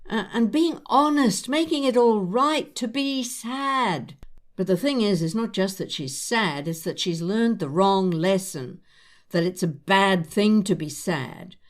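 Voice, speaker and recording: Older woman host, animated pitch, gentle and reassuring, casual chat. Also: measured pace. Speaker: podcast host. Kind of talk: casual chat between old friends.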